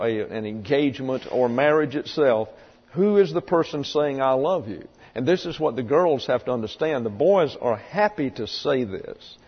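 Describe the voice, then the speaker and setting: Guy preaching slow and deliberate, lots of uh's, dull echoey hall sound. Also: mid-range voice. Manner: slow, deliberate teaching with many uh fillers. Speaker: pastor. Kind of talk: sermon.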